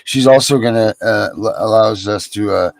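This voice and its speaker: A man's voice: on the low side, moderate pace, no echo. A man hosting a casual livestream chat, talking in a rambling way with many fillers. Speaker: show host.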